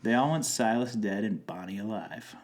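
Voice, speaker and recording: A man's voice: on the low side, moderate pace. A young man co-hosting a podcast, joking around as he reads through plot points of an episode. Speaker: podcast co-host. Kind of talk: casual chat recapping a TV episode.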